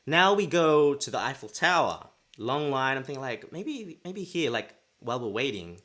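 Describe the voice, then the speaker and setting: A young man, mid-pitched, talks through a personal story on a podcast. He is animated, jumping in and out of little acted asides as he goes. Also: normal speed. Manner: animated storyteller who acts out his own past thoughts. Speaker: podcast co-host. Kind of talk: casual storytelling chat.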